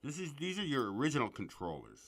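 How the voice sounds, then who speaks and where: A man hosting his own show, ranting at his listeners in a profane, rambling, excitable way full of asides. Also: mid-range voice, quick pace. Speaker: podcast host.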